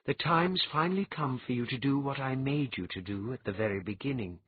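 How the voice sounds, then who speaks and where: A man voicing a calm ancient goddess who speaks gently and a little absently. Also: mid-range voice, brisk, husky, narrow, tinny audio, natural voice. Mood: fond. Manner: gentle, absent-minded, soothing.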